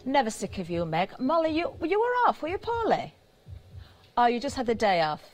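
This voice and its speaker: A British woman presenting on a live TV shopping channel, chatty and giggly as she banters with the crew, her voice slightly hoarse. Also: on the high side, wildly swooping pitch, a little fast, a little mellow. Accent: British English. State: slightly hoarse, throat catching.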